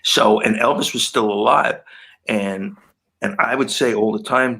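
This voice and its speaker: Older man telling a lively story. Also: mid-range voice, moderate pace, creaky. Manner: animated anecdote-telling, quoting people in lively voices. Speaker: guest guitarist. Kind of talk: casual storytelling in an interview.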